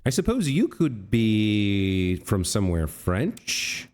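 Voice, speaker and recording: Reasoning through a puzzle in his let's play, a man muses out loud, catches his own mistakes, and addresses the on-screen characters. He speaks slowly in a lowish, slightly mellow voice that is very animated.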